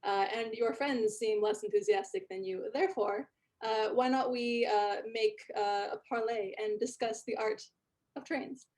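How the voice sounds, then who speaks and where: A puffed-up, bookish male dwarf who collects trains and talks down to everyone, as a woman game master puts him on. His voice sits raised and a touch louder than her plain narration, grand and self-satisfied, in a tabletop role-play. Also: fairly high pitch, fairly even intonation, a little slow, lightly acted. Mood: pompous. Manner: grandiose, condescending. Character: pompous nerdy male dwarf train enthusiast.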